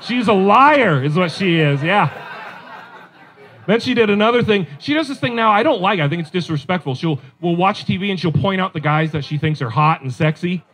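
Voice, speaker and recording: Man, stand-up comedy set, high voice, conversational, self-deprecating asides. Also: lively intonation, normal speed, a bit bright, slight background noise.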